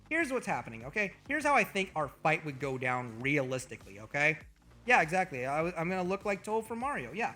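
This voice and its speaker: A man's voice: on the high side, pushed and bright. A man streaming as a VTuber, talking in a loose, profane, mock-boastful way to his chat. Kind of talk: casual livestream commentary.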